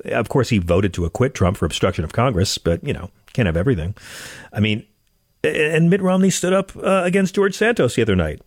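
A man's voice: medium pitch, big pitch swings, fairly quick, no room sound, clean studio sound. A man hosting a comedic political monologue, sarcastic and ranting, stammering as he gets worked up. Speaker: show host.

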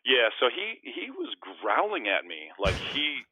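A former basketball player telling rambling, self-mocking stories in a casual interview. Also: male voice, medium pitch, huge pitch swings, unhurried, sharp tone, slightly rough, no room sound. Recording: tinny phone-like line.

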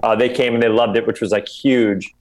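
A man's voice: mid-range voice, little pitch movement, brisk. Enthusiastic male podcast guest. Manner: enthusiastic, reverent, chatty. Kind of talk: casual chat.

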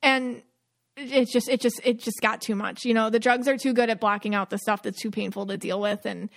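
Woman on a podcast, kinda high voice, gets emotional and musing as she talks. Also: steady tone, brisk, vocal fry. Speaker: podcast co-host. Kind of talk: casual podcast chat.

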